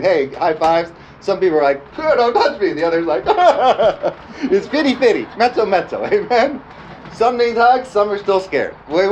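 Lively preacher man, fairly high voice. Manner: lively, joking, calls out "amen?" to the congregation. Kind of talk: sermon. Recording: dull lo-fi sound with faint background noise.

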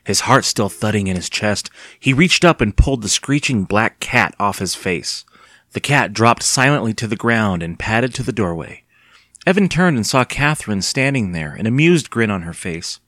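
A man narrating an audiobook in an expressive, dramatic storytelling manner. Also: lowish voice, normal speed, dry recording, studio quality. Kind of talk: audiobook reading.

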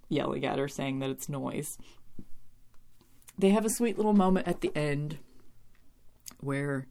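Woman reviewer, deep voice, rambling casual chat with blunt asides. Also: creaky, a little mellow. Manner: chatty and rambling, with many fillers and cursing asides. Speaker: TV episode reviewer.

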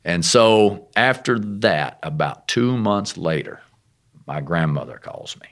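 A man, a missionary guest, telling his testimony in a folksy, rough-spoken and animated way. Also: deep voice, takes it slowly. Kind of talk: casual testimony storytelling.

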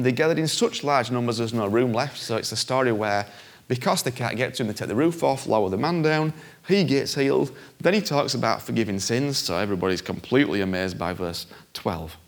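Animated male preacher with a lively voice. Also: brisk. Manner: animated, conversational, acts out voices with big pitch jumps. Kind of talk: sermon.

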